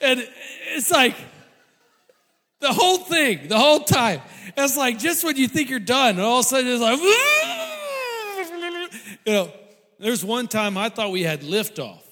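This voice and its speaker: A man telling a funny personal story to an audience, animated and laughing often mid-sentence. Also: extremely high pitch, measured pace, in a large hall.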